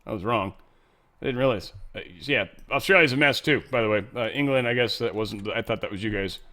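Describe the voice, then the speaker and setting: An American man talks through the news in a loose, rambling way, swearing freely and joking as he goes. His voice sits at an ordinary middle pitch for a man, and the talk is a casual commentary. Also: brisk, pushed and bright. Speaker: show host.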